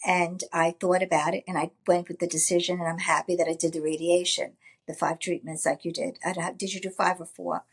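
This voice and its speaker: A woman co-hosting a podcast in casual chat, agreeable and quick to back up her partner. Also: on the low side, breathy edge. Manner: agreeable, gives steady backing replies. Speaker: podcast co-host.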